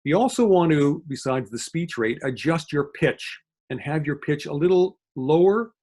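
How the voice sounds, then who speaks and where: A man giving an online lecture as a guest speaker, talking quickly and explaining step by step, with frequent fillers and self-corrections. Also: on the high side, lively intonation, a little mellow. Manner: fast-talking. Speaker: guest lecturer on dementia communication.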